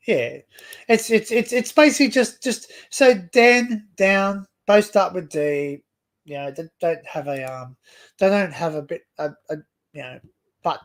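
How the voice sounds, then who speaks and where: A young Australian man with a notably high voice hosts a relaxed livestream. He wanders through his thoughts, repeating words and restarting sentences as he chats with viewers and a guest. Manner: rambling, stop-start with many restarts. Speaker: livestream host. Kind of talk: casual livestream chat.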